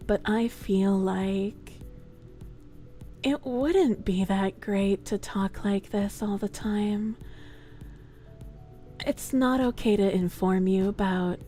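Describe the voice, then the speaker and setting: A streamer woman doing a low, murmured, deadpan voice for a bit, slow and near-whispered.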